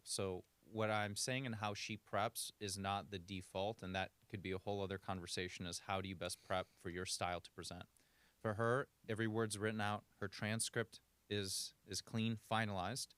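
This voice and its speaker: Low-voiced man coaching on speaking. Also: little pitch movement, normal speed, fairly bright tone, clean tone, no room sound. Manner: coaching, illustrative, varies speed for demonstration. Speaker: communication coach. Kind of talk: podcast interview advice.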